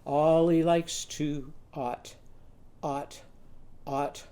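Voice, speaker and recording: Slow, mellow sing-song teacher. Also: medium pitch, fairly even intonation, smooth. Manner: slow, sing-song chanting with drawn-out vowels. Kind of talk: literacy lesson for young children, call-and-response chanting.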